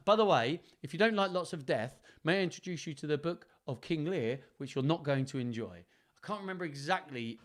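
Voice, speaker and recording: A man hosting a live story stream, chatting playfully between readings and trying out accents. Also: medium pitch. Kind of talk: casual storytelling and chat.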